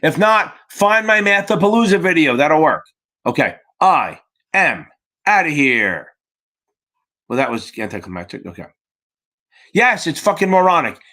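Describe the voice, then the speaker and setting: A man's voice: fairly high pitch, sing-song, measured pace, long pauses, bright, forceful tone. A man running a casual live-stream Q&A for exam prep, chatty and profane, answering viewers from the chat by name.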